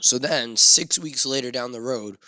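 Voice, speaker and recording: A man hosting a solo podcast, rambling and swearing through self-mocking rants with sudden loud outbursts into a studio mic. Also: mid-range voice, moderate pace, no echo. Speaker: podcast host.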